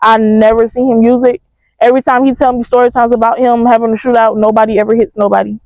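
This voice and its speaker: A young woman, telling a storytime to her viewers in an animated, slangy way. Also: on the high side, fast, no room sound. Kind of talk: casual storytime vlog. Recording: dry, slightly dull mic sound.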